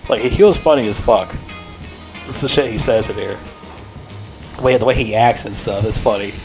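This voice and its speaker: A man giving a casual, unscripted movie review, rambling and excitable, swearing freely and leaning on filler words. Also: lowish voice, moderate pace, faint music behind.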